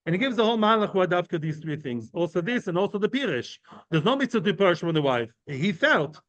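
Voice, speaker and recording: A man's voice: high voice, sing-song, quick pace, fairly bright tone, dry recording. A man giving an informal Talmud lesson to a class of men, explaining each term with everyday examples and often checking in with "right?" and "yeah?". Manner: conversational, often asks the listeners "right?" and "yeah?". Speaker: Talmud teacher.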